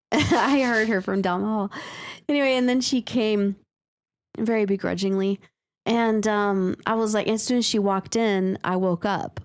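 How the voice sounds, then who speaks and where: A woman's voice: medium pitch, steady tone, measured pace. A woman co-hosting a podcast, chatting casually and telling stories with lots of fillers and laughs. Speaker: podcast co-host. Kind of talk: casual chat about a listener's story.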